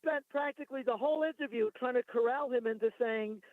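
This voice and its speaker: A man's voice: extremely high pitch, fast talker, no echo. A man calling in to a talk radio show, rambling and arguing his points, reading from notes. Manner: rambling, argumentative, reads from notes. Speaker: caller. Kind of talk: phoned-in talk radio call. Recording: tinny phone line.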